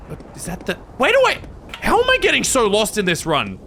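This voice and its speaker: A man's voice: sits high, huge pitch swings, fairly quick, background noise. Jumpy, jokey man playing a horror game. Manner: jokey, rambling, easily startled. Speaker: gaming video creator. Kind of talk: gameplay commentary.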